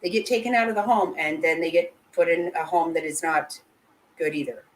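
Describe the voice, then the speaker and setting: A woman with a low voice gives live commentary to her chat. She talks bluntly and emotionally, swears freely and keeps breaking off and restarting her sentences. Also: a little fast, low-quality recording. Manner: blunt and heated, with frequent swearing. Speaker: channel host.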